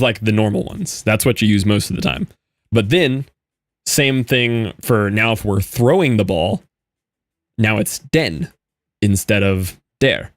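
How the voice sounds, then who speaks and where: Young American male streamer, low-ish, casual and rambling, dead-dry close mic. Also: no echo. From United States. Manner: rambling, explains things loosely with many "like"s. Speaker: gaming streamer. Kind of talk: casual chat while gaming.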